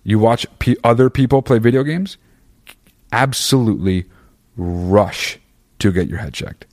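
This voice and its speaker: A man's voice: fairly low pitch, a little slow, darkish tone. A man talking to listeners in a casual monologue, profane and opinionated, rambling through fillers and restarts.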